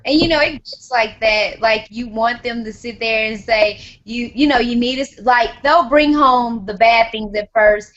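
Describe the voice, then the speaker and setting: A woman guest on a casual panel chat with a high voice. She talks hesitantly, hedging and filling pauses. The recording is dull and lo-fi. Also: fairly bright tone. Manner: hesitant, with many "um"s and hedges.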